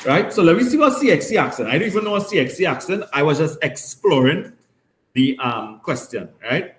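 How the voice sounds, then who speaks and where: Guy teaching maths in class, bit high voice, keeps asking right?, echoey room. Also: very animated, brisk. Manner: explains step by step, often checks with "right?". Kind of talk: classroom lesson. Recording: roomy classroom echo.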